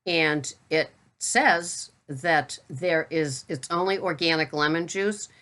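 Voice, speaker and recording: A middle-aged woman with a Boston accent talks casually to her viewers about groceries. Her voice sits low. She is chatty and blunt, with a teasing edge. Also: slow pace, fairly bright tone. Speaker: keto vlogger. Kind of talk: casual product talk to camera.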